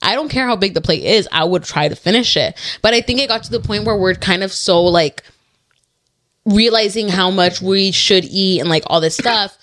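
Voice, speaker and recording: A woman's voice: mid-range voice, moderate pace, a bit bright. Blunt, teasing young woman. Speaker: podcast co-host. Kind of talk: casual chat.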